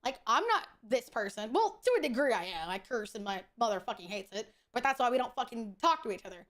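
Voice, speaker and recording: High-voiced, blunt woman streamer. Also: sing-song, fast talker. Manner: blunt, profane and opinionated. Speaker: VTuber streamer. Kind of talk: casual chat while gaming.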